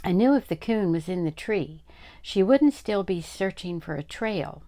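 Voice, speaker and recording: An older woman, a grandmother, reading a chapter book aloud slowly and deliberately. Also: medium pitch, animated, dark tone. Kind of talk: storybook read-aloud.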